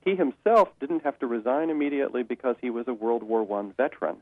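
A man, an author answering an interviewer's questions, speaking in a measured way with frequent restarts and fillers. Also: medium pitch, no room sound, phone-quality sound. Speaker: author and guest.

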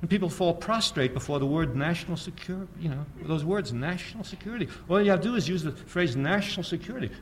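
An older man lectures an audience, his tone wry and sardonic. His pitch rises and falls freely as he pokes at his own examples. A faint hum of room noise sits under the voice. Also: animated, quick pace, few pauses. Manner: sardonic, storytelling, asks the audience rhetorical questions. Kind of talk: public lecture.

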